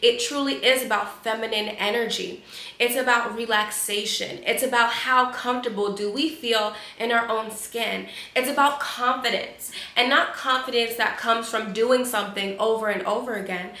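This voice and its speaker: A woman's voice: a little high, normal speed, pushed and bright, reverberant. A woman spiritual coach giving an emphatic, preachy motivational talk with lots of repeated phrasing.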